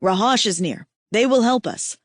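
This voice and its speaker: A woman's voice: on the high side, moderate pace, no room sound, clean studio sound, lightly acted. A woman doing a formal, earnest alien warrior. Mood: urgent.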